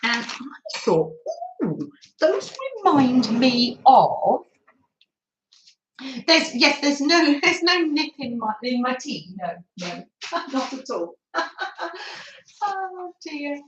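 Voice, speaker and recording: Woman, craft stream host, giggly and chatty, lively sing-song delivery, phone mic in an echoey room. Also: high voice, slow, lo-fi sound. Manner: chatty, giggly, reads out viewer comments. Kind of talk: casual live chat with viewers.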